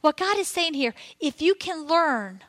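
A woman's voice: high-pitched, expressive, a little slow, fairly bright tone. A woman preaching a sermon in a conversational way, acting out prayers and quotes as she teaches.

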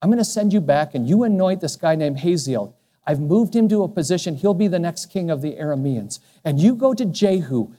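A man voicing God as a calm, commanding presence reassuring a prophet in a slow, low, hushed way. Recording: long hall reverb.

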